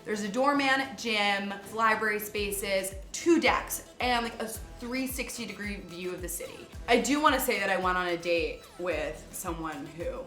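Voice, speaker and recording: A woman's voice: mid-range voice, moderate pace, hardly any pauses, sharp tone. A bubbly, upbeat woman in her twenties from New York, chatting as host of a home tour vlog. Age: 20s. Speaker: video producer and host. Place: her apartment. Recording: echoey room, faint background music.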